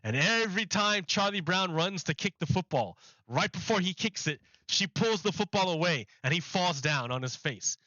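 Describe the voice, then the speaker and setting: A man's voice: high voice, expressive, moderate pace, pushed and bright, no room sound, lo-fi sound. A man streaming live, rambling through a mocking rant in casual chat and laughing often.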